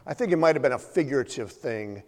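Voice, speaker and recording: A man's voice: medium pitch, animated, fast. A man preaching a sermon, retelling a story in a conversational way with many fillers and humorous asides. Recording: long hall reverb.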